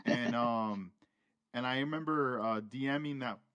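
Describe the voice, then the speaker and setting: A man hosting a podcast, talking in a relaxed, slangy way with plenty of fillers. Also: mid-range voice, unhurried, no echo, lo-fi sound. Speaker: podcast host. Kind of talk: casual chat.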